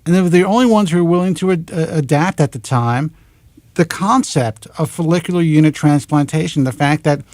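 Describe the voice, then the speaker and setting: A talk show host in his forties with a New York accent, worked up and exasperated as he rants into a close mic. His voice sits a touch high for a man. The sound is dry and close, with no room around it. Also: brisk, dry recording. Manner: animated, exasperated, swears in clipped letters. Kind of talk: ranting monologue. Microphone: close studio mic.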